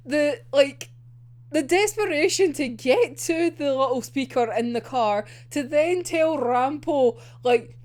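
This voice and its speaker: Young adult woman, excitable casual anime reviewer; high, animated, unhurried delivery. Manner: excitable, gushing, laughs often. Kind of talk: casual episode discussion.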